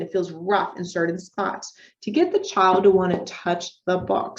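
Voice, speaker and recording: A young speech language pathologist lectures on reading with children, animated and slipping into a sing-song voice to model child talk. Her voice is medium-pitched, and the audio sounds dull.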